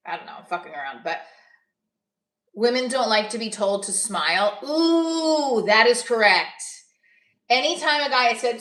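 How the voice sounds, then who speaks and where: A woman's voice: fairly high pitch, expressive, moderate pace, fairly bright tone, roomy sound, rough recording. A woman comedian with a New Jersey accent, chatting casually on a live stream, blunt and profane, reading viewer comments aloud.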